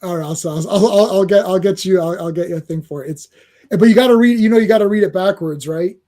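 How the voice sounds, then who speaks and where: A man hosting a comics podcast in casual chat, excitable and full of stammering restarts. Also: high voice, fast talker. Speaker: podcast host.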